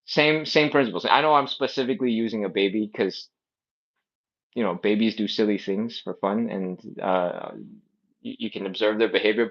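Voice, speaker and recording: A man's voice: on the low side, lo-fi sound. A man teaching a live stretching class, explaining casually with plenty of tangents. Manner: rambling explanations with many tangents. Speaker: stretching instructor. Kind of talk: casual live-stream coaching.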